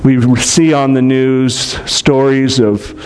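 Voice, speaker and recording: A man reading a storybook aloud to children, adding gentle explanatory asides. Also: medium pitch, steady tone, slow.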